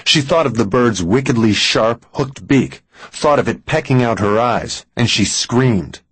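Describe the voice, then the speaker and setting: A man reading a thriller audiobook in an even, deliberate scripted narration. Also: medium pitch, husky, no room sound, low-quality recording.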